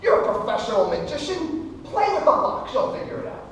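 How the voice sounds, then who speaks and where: A magician putting on a gruff shop owner. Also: sits high, big pitch swings, brisk, distant mic, slight background noise, voice pushed up, heavily acted. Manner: dismissive, gruff. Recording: echoey room from afar, music.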